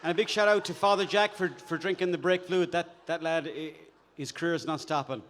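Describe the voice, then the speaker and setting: A man judging at a live event, joking deadpan. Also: on the high side, fairly quick, long reverb tail, a little hiss or hum. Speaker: judge.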